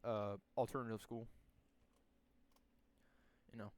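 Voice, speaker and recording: A man's voice: lowish voice, flat delivery, slow, a little mellow, no echo. A young man casually telling a story from his school days, rambling and profane, with many restarts and fillers.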